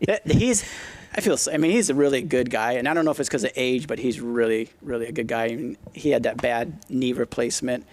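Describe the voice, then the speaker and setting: A middle-aged retired motocross racer, appearing as a podcast guest, tells stories in a casual interview. He's blunt and profane and acts out quotes, with a brisk, mid-range voice that's a little mellow.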